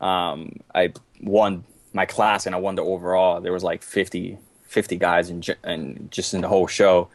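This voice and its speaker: A man's voice: sits low, flat delivery, normal speed, dry recording. A man in his twenties from Boston, guesting on a podcast, laid-back and rambling. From Boston, USA. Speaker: guest athlete. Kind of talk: casual podcast chat.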